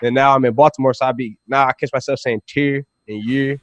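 A man's voice: mid-range voice, flat delivery, rapid-fire, no room sound, lo-fi sound. A man from Michigan hosting a casual chat, emphatic and repetitive, calling people bro. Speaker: podcast host.

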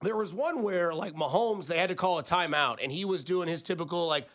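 Male sports talk co-host, higher voice, animated and argumentative, uses analogies. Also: fast talker, few pauses. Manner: animated, builds arguments with analogies and acted-out quotes.

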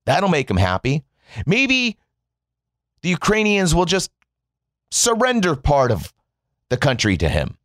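A man delivers a biting political rant, swearing freely and mocking as he goes. His pitch swings widely from low grumbles to high jabs. The recording is dry and close, with no room sound. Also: wildly swooping pitch, unhurried, pauses often, a bit bright, dry recording. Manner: mocking, sarcastic, emphatic swings in tone. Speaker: commentator.

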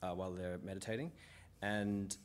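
A man with a New Zealand accent, a comedian chatting casually and telling animated stories. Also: low-pitched, normal speed, a little hiss or hum. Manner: animated storyteller, slips into quoted voices. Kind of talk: casual chat.

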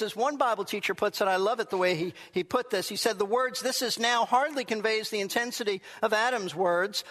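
Bright, high-pitched male Bible teacher. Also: in a large hall.

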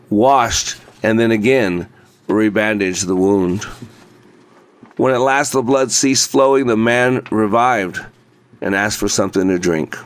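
A man narrating a folk tale aloud in a measured, steady reading voice, slowing down in places. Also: lowish voice, no echo. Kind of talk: scripted storybook narration.

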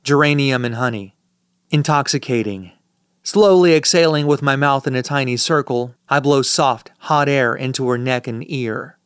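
A man reads a first-person audiobook with a dry, sardonic edge, his mid-range voice smooth and resonant. The recording is close and dead dry, with no room sound at all. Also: mid-range voice, normal speed, dry recording. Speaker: audiobook narrator.

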